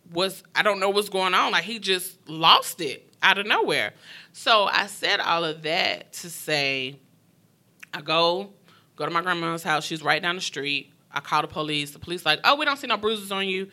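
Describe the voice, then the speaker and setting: A young woman recounting her own story in a frank, emotional conversation. Her voice is very bright and sharp. She speaks in quick, heartfelt bursts. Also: lowish voice. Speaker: guest sharing her story. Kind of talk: candid personal storytelling.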